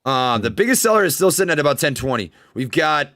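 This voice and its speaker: A young man with a Minnesota accent hosting a live trading podcast, talking fast and hyped. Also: a little high, no echo, studio quality. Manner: fast-talking, energetic hype. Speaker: podcast host. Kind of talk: casual trading livestream chat. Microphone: studio desk microphone.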